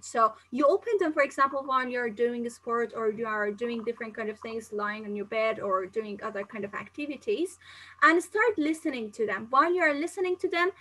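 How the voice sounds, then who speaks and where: Bright-voiced young female teacher. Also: fairly high pitch, low-quality recording. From not Turkey, living there. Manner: chatty, explains with many examples and fillers. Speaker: English teacher answering live questions. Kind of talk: live Q&A lesson.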